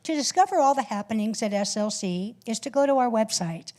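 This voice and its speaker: A woman's voice: on the high side, animated, brisk, mellow. A woman reading scripted church announcements about activities and the welcome for newcomers. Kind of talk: read announcements.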